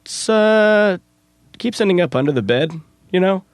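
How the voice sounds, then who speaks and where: A man co-hosting a comedy podcast, telling absurd stories in a deadpan, straight-faced way. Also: high voice, normal speed, clear, resonant tone, no room sound. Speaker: podcast co-host.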